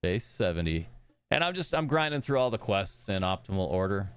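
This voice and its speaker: A man's voice: deep voice, big pitch swings, brisk, clean tone, no echo, faint music behind. A young man streaming a game live, chatting upbeat with his viewers and reading the characters' dialogue aloud in his own voice.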